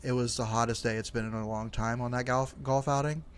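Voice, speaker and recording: A man's voice: mid-range voice, steady tone, fairly quick, a little hiss or hum. Young man rambling through a casual story. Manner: rambling storyteller, swears freely, many fillers like "like". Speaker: podcast co-host. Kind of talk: casual podcast chat.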